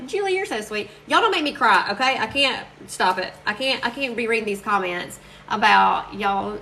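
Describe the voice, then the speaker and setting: A woman with a medium-pitched, sharp voice and lively intonation chats on a live stream while crafting, heard on a low-quality recording. She's chatty and gushing with her viewers and quick to laugh.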